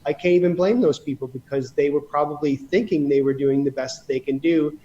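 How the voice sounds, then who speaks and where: Canadian man, guest on a chat show, slightly high voice, rambles and restarts, emphatic asides. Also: fairly even intonation, a little fast, warm tone, lo-fi sound, a little hiss or hum. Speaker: podcast guest, real estate investor. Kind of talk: casual storytelling in conversation.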